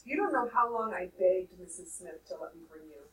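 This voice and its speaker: A woman's voice: on the low side, animated, brisk, roomy sound, far from the mic, close to an everyday voice, rough recording. A teacher reading aloud in class, voicing a proud, emotional old grandmother whose voice rises with feeling. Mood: hurt, pleading.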